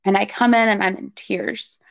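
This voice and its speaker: A woman's voice: mid-range voice, fairly even intonation, normal speed, creaky. A woman as a guest, telling a personal story in conversation and acting out quoted dialogue with lots of fillers. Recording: slightly dull lo-fi recording.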